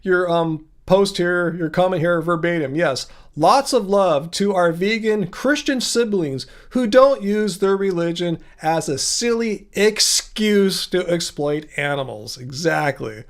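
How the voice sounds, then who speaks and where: A man with a high voice and lively intonation hosts a live Q&A stream. He reads chat comments and answers with quick, playful, sarcastic retorts.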